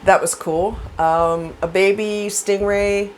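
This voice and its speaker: A woman with a medium-pitched voice talks slowly over a rough, low-quality recording with a slight hiss or hum. In casual storytelling mode, this vlogger rambles through personal anecdotes with fillers, acting out characters' voices with animation.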